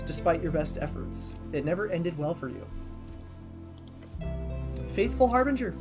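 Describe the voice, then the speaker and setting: A streamer playing a game for the first time, reading the on-screen text aloud and thinking out loud, sometimes tripping over unfamiliar words. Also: medium pitch. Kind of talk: casual let's-play commentary.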